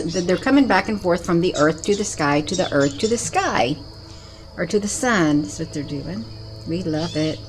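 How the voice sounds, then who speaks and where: Outdoors by her home, a woman with a fairly low, lively voice keeps up moderate-paced, casual commentary as she films the sky, calling everyone honey. Loud ambient noise and birdsong fill the camera mic recording.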